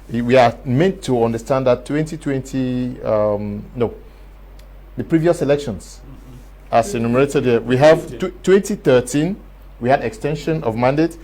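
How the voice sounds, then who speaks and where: A man with a Cameroonian English accent hosting a studio panel debate, putting questions in a measured way with some fillers. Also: medium pitch, warm tone, poor audio. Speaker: debate show host.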